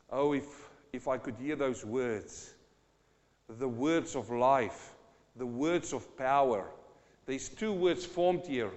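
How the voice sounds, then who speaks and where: A man preaching a sermon and reading scripture aloud, moving from quiet reading to loud, fired-up preaching. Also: medium pitch, unhurried. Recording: long reverb of a large hall.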